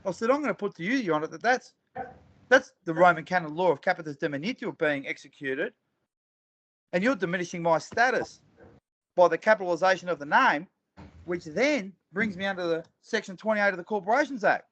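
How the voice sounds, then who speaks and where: Emphatic high-voiced man telling courtroom stories. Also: lively intonation, a little fast, fairly bright tone, no echo. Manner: emphatic, repeats phrases, acts out courtroom exchanges. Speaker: guest speaker. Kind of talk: animated storytelling talk. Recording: dull lo-fi recording.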